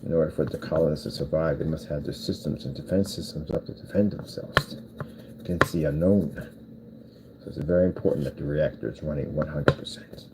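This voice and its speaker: While building a cardboard PC case, a vlogger with a bass voice rambles casually and talks half to himself, meandering as he works. His tone is steady and fairly quick, and the recording has background noise with clicking.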